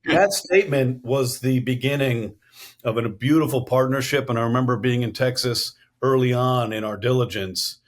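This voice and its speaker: As a guest on a podcast, a company chief executive tells stories in his interview answers, sounding sincere and matter-of-fact. He's a middle-aged East Coast man with a medium pitch and moderate pace.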